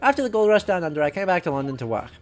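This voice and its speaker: A streamer reading a game aloud and voicing a resentful male banker juror who speaks up loudly. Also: medium pitch, sing-song, rapid-fire, faint music behind, lightly acted. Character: bitter male banker juror back from abroad.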